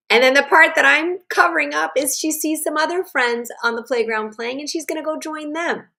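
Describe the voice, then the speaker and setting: A woman teaching self-regulation and guiding a slow breathing exercise, with a gentle, instructive manner. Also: medium pitch, vocal fry. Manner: gentle, instructive, checks in with "right?". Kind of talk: guided breathing lesson. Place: online summit stream.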